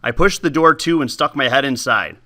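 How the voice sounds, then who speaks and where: A man reading a novel aloud with lively, expressive storytelling, then talking casually about the book. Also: medium pitch, moderate pace. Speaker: teacher giving book talks.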